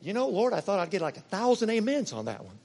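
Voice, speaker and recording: Pastor guy preaching, high voice, punchy emphasis then quiet asides, big echoey church hall. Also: big pitch swings, quick pace. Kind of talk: sermon.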